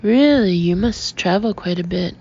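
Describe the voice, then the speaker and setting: A woman voicing a smooth-talking male escort-agency owner, pressing a caller with eager sales patter in an audiobook. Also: fairly low pitch, lively intonation, moderate pace, mellow, natural voice. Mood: gushing. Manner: gushing, persuasive sales patter. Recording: dull lo-fi audio with faint hiss.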